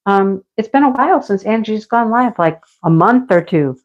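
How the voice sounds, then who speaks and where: On a craft livestream, a middle-aged woman rambles and chats with viewers, responding to their comments, laughing a lot, and turning slightly snarky at times. She speaks at a normal pace in a mid-range voice with lively intonation. Her stream has dull, lo-fi home audio.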